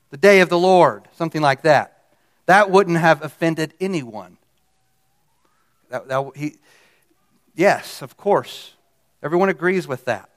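A man expounds scripture like a preacher, leaning hard on key words with earnest emphasis. His voice sits a little high for a man and is smooth and clear. He takes his time between phrases. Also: fairly bright tone. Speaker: Bible teacher. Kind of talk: sermon-style Bible exposition.

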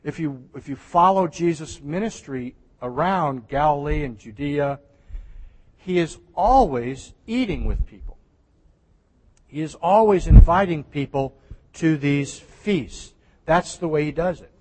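A man's voice: on the high side, animated, unhurried. Man preaching in a reverberant church. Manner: conversational preaching with restarts and soft laughs. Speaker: pastor. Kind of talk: sermon. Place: church sanctuary.

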